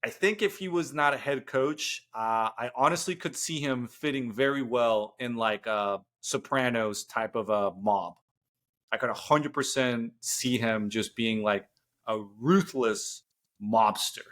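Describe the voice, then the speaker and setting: Young dude cohosting a sports pod, jokey, does little impressions, mid pitch. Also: male voice. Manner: animated, jokey storytelling with quick bits of mimicry. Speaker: podcast co-host. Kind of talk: casual sports chat.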